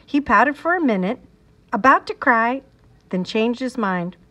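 A woman reading a children's novel aloud in an expressive way. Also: fairly high pitch, measured pace. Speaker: reader.

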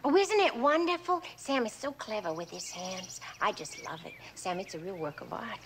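A woman's voice: medium pitch, normal speed, a bit bright, natural voice. An actress playing a cheerful, doting suburban wife and mother with a sweet, fussing manner, in a 1960s film comedy. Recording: old film soundtrack with hiss.

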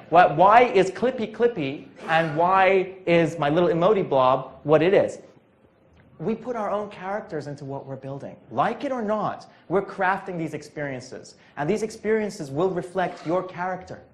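A man with a high, very lively voice speaks at a conference. His pitch leaps about as he playfully acts out little voices. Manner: animated and playful, acting out voices. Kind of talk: conference talk.

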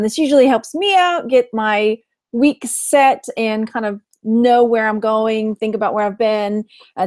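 A woman's voice: a little high, a little mellow, no room sound. A woman in her forties, hosting a casual weekly livestream and chatting with viewers by name. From Texas. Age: 40s. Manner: chatty, greets viewers by name, frequent laughs. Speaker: livestream host.

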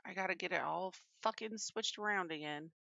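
A woman's voice: lowish voice, fairly quick, gravelly, sharp tone, dry recording. A woman streamer fighting with her display settings during a live game stream, swearing and sighing in frustration. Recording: dull lo-fi stream audio with faint music.

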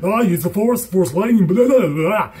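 Young man, high voice, hyper vlog, giddy and rambling, loud silly outbursts. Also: animated, normal speed. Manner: giddy, rambling, bursts of shouting and silly sounds. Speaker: vlogger. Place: at home.

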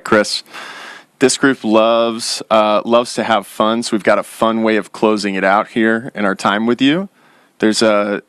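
A man's voice: lowish voice, a bit bright, no room sound, clean studio sound. A man hosting an interview, affirming his guest and steering with small stammering restarts. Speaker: host.

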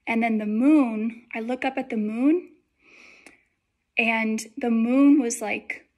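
Young woman, fairly high voice, casual chatty testimony with lots of fillers. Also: steady tone, takes it slowly, lo-fi sound. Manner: chatty, many likes and fillers. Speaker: vlogger telling a dream.

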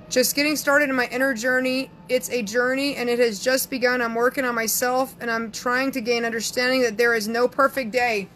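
Sassy Southern woman, bright voice. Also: sits high, fairly even intonation, a little fast, few pauses, slight background noise. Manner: sassy, brash, reads viewer comments aloud. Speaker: psychic answering live chat. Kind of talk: casual live-stream chat.

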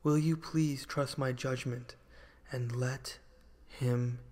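A man voicing a wise, calm king who speaks with gentle firmness in a children's storybook. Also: mid-range voice, slow, natural voice. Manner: gently firm, commanding.

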